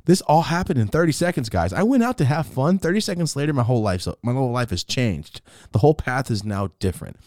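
A man telling a wild personal story in a casual, profane, animated way, acting out what people said. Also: medium pitch, fast, dry recording, clean studio sound. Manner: animated, profane, acts out the quotes.

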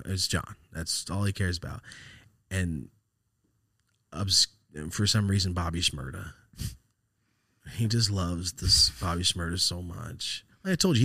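On his podcast, a deep-voiced man casually tells an animated story full of profanity, laughing while he talks. The sound is dry and studio-clean.

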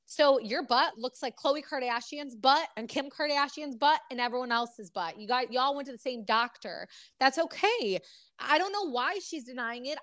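Animated, blunt podcast co-host woman. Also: high-pitched, no room sound, studio quality. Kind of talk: casual gossip chat.

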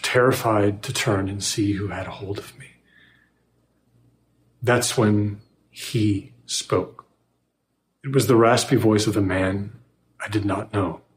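A man narrating a first-person horror story in a measured, scripted way, recorded with a roomy echo. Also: on the low side, steady tone.

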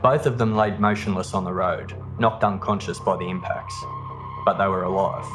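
A man hosting a podcast, telling a true-crime story in a steady, measured scripted narration. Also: sits low. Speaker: podcast host. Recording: narration over background music. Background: music.

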